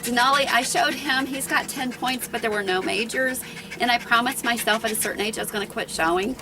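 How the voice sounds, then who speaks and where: A woman's voice: fairly high pitch, a little fast, music in the background, poor audio. A middle-aged woman and dog breeder chatting casually on her home video, rambling and a bit out of breath. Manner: rambling, chatty, with many restarts and fillers.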